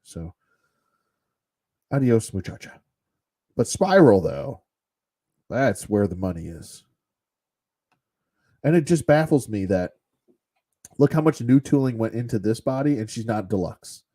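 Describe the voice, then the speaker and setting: A man's voice: on the low side, lively intonation, unhurried, pauses often, mellow. A man casually reviewing action figures off the cuff, rambling and blunt, with some mild cursing. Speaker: toy collector reviewer. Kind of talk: casual unscripted toy review.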